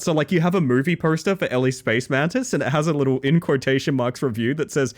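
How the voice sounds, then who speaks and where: Lively, playful man streaming. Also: a little high, fairly quick, hardly any pauses. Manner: chatty, playful, self-mocking, laughs often. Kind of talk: casual gaming stream chat.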